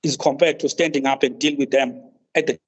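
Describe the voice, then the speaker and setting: A man, counsel at a tribunal, making a formal legal argument, deferential and halting, saying "my lady" at almost every turn. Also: mid-range voice, steady tone. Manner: deferential, says "my lady" constantly, halting restarts. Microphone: video call. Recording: muffled video-call audio.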